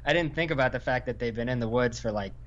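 A man's voice: mid-range voice, fast, fairly bright tone, highs cut off. A man from Northern Virginia, an Army veteran, talking casually on a podcast with lots of fillers and restarts. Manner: rambling, many fillers and restarts. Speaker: guest, Army infantry veteran.

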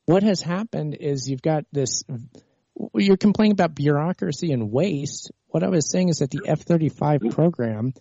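Male stream host, exasperated and ranting, mellow dark tone, dry muffled mic. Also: a little high, expressive, moderate pace, no echo. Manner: exasperated, rants with many restarts. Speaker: livestream host. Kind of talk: heated political call-in argument, then rambling monologue.

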